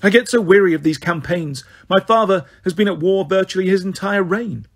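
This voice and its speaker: A petulant, spoiled young prince who whines about duty and dreams of games, as a man reads him aloud. The voice sits high and slightly husky. It sounds like an audiobook character. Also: fairly quick. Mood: complaining. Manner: petulant, complaining. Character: spoiled young male Roman prince, whiny.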